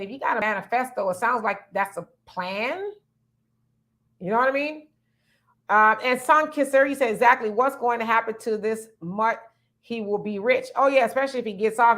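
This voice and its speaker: A woman's voice: on the high side, pushed and bright. A woman hosting a livestream, greeting viewers by name and reading their comments aloud before answering them. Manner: reads viewer comments aloud and responds conversationally. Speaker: livestream host reading chat. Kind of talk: casual livestream chat.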